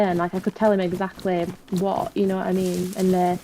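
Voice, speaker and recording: Woman, creaky mellow voice, chatty venting, casual. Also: fairly low pitch, flat delivery, fairly quick, slight background noise, low-quality recording. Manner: chatty and venting, many fillers. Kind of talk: casual chat.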